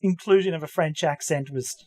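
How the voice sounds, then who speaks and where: A podcast co-host chatting casually about anime dubs, halting and full of restarts, slipping into hammy accent impressions. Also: medium pitch, darkish tone, dry recording. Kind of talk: casual chat.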